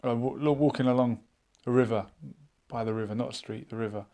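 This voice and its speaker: Man, live-stream chat host, casual, musing, reads chat comments aloud, mid pitch. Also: steady tone, a little fast, warm tone.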